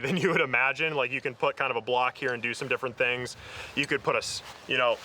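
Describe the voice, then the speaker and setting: A man with a bright, forward voice hosts an off-road show. He chats through his gear in a loose, upbeat way, laughing often and filling gaps with "um" and "like". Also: mid-range voice, a little hiss or hum. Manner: chatty and upbeat, laughs often, lots of fillers. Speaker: host of an off-road vehicle show. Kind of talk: casual tool kit walkthrough.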